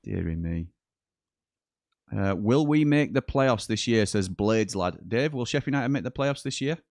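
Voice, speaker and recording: A British man hosting a live football watchalong, reading viewer comments aloud and breaking into quick commentary on the match. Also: lowish voice, expressive, a little mellow, no echo. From Britain. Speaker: watchalong host.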